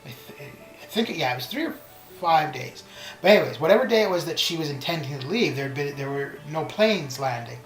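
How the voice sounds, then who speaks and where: A man's voice: a little high, animated, brisk. A man streaming a game, chatting casually and telling stories in a rambling, chatty way with many restarts. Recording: roomy with background music. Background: stream background music.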